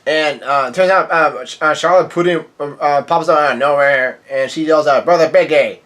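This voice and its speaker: A man with a slightly high voice reads comic panels aloud in an offhand way. He quotes characters flatly, trips over words and corrects himself. Now and then he breaks off to react in surprise. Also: normal speed. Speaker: manga reaction reader. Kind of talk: casual reading and reacting.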